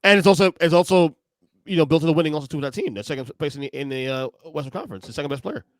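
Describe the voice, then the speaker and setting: A man in casual podcast chat about basketball, quick to agree and chime in. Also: a little high, dry recording.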